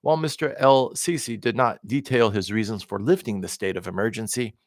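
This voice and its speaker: A man's voice: on the low side, a little fast, no echo, studio quality. A man reading news articles aloud in a plain voice, with occasional stumbles and repeats and offhand asides. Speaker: independent candidate reading the news.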